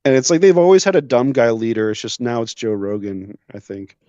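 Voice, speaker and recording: A man's voice: mid-range voice, a little fast, no echo. A young man co-hosting a podcast, telling rambling, profane stories in casual chat. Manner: rambling, profane, animated storytelling. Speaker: podcast co-host. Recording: dull lo-fi sound, dry room.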